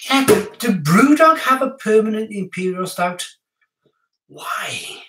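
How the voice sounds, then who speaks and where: Excitable man, chatty beer reviewer. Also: sits high, slow pace, far from the mic. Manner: chatty, excitable, talks to viewers. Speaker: beer reviewer hosting a live stream. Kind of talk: casual live-stream chat. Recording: echoey room, off-mic.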